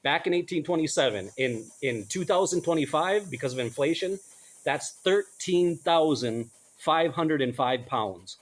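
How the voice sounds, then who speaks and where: A man's voice: fairly high pitch, lively intonation, unhurried. Blunt, informal man commenting. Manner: blunt, informal, stumbles over names and self-corrects. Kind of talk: casual commentary reading news aloud.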